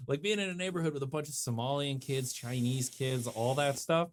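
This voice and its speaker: A man's voice: mid-range voice, brisk, a little hiss or hum. A middle-aged man from Canada, a comedian hosting a casual podcast chat, joking and teasing playfully.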